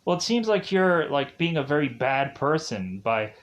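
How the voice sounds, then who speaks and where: A man putting on a hushed male AI voice on a phone call. It speaks low and quietly in easy, casual phrases, coaxing the listener toward something dark. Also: very animated, normal speed. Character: soft-spoken coaxing male AI caller.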